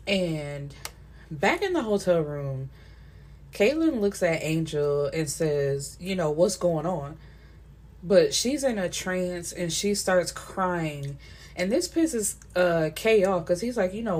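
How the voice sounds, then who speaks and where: A woman with a low voice retells a novel's plot in a loose, chatty way. She leans on fillers and slips in quoted lines from the characters as she goes. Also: animated, a little slow, a little mellow. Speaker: book reviewer. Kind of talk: casual book recap.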